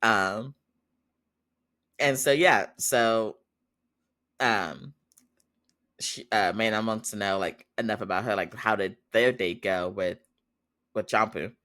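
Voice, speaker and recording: Chatty man recapping a show, lowish voice. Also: slow, pauses often, bright, forceful tone. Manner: chatty, laughs often while retelling. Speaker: podcast host. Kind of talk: casual TV episode recap.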